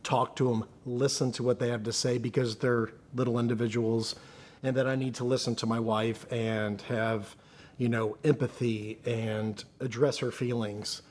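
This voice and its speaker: A man's voice: mid-range voice, level tone, normal speed, darkish tone. A man speaking earnestly as a guest in an interview, often restarting his sentences as he searches for words. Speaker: podcast guest. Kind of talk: candid conversational interview.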